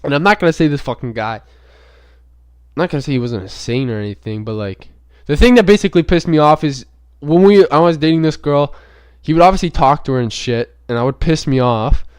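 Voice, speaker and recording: A man's voice: on the high side, animated, a little fast, smooth. Rambling, profane young man. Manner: rambling and profane, heavy use of filler words. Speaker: podcast host. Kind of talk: casual unscripted monologue.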